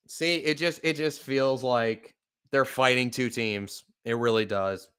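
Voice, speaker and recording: A man giving live fan play-by-play commentary as a podcast host, swearing and apologizing between excited play calls. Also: medium pitch, clean tone. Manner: swearing, apologetic and upset, bursts of excitement on plays.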